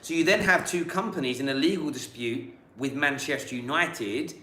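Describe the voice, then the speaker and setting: British man, football host, bright and high voice, jokey and animated, echoey room. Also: moderate pace. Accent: British English. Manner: animated, jokey, laughs often. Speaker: podcast host. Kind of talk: casual chat. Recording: echoey room with faint hiss.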